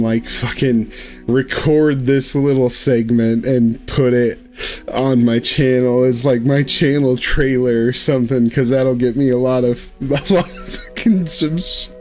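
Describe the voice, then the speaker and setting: A man's voice: mid-range voice, a little mellow. A man live-streaming a game, chatting casually to his viewers, swearing often and breaking into wheezy laughter. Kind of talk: live-stream gameplay chat.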